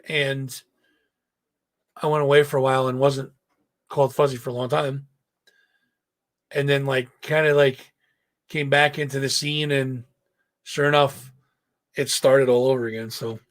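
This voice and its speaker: A man hosting a casual live stream, hoarse, telling a rambling, profane story and breaking off to talk to his chat. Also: medium pitch, fairly bright tone. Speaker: host.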